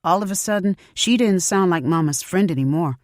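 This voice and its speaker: A woman narrating a story audiobook in an expressive first-person telling. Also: on the low side, a little fast, dry recording, clean studio sound.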